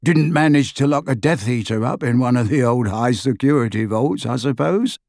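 A reader voicing a mellow-voiced, middle-aged wizard father who talks in a friendly, chatty way. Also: medium pitch, normal speed, no echo, studio quality, natural voice. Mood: easygoing. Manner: easygoing, chatty. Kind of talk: audiobook character voice.

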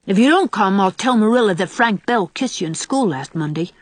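A woman's voice: medium pitch, animated, brisk, no room sound, lightly acted. A woman reading the part of a defiant nine-year-old boy who talks back recklessly and boasts. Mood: bossy.

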